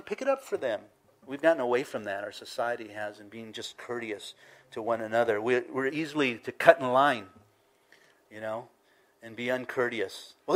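A middle-aged man preaching a verse-by-verse sermon in a conversational way, acting out little scenes and dropping from emphatic to hushed. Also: medium pitch. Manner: conversational, acts out little scenes in varied voices, swings from loud to hushed. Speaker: pastor. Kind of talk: expository sermon.

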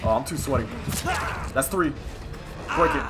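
A young man narrates his own match in a hyped, profane stream of commentary, taunting the players he chases. His pitch leaps and dips all over the place at a middling overall height. Game music plays clearly beneath his voice. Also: animated, normal speed. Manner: hyped, profane, talks to opponents on screen. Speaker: gaming streamer. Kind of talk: live gameplay commentary.

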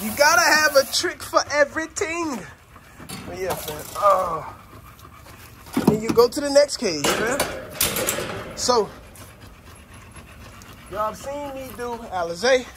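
A middle-aged man vlogging casually while doing kennel chores, talking loosely in slang, calling viewers fam and shouting at his dogs. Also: extremely high pitch, big pitch swings, takes it slowly, long pauses. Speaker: dog kennel owner. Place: outdoor dog yard with kennels. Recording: outdoor yard noise with dogs barking. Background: dogs barking.

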